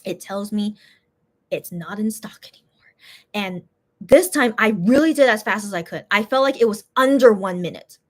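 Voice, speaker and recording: A woman's voice: mid-range voice, moderate pace. Exasperated woman recounting a shopping fiasco. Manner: animated, exasperated retelling with restarts. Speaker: shop owner telling a story. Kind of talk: casual storytelling chat.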